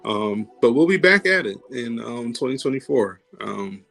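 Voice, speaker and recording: A man on a podcast as a guest, talking in a laid-back, earnest way. His voice is mid-pitched and strongly gravelly with vocal fry, and faint music plays underneath. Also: sing-song, normal speed, a bit bright. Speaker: podcast guest, actor and singer. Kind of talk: casual chat.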